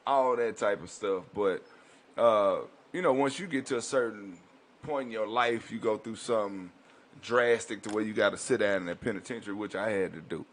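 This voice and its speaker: Laid-back low-voiced male comedian. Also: moderate pace. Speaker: guest comedian. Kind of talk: casual storytelling. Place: radio studio.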